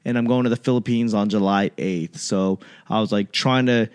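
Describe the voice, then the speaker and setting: A man hosting a casual solo chat, rambling and animated, with lots of fillers and restarts. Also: lowish voice, normal speed, clear, resonant tone.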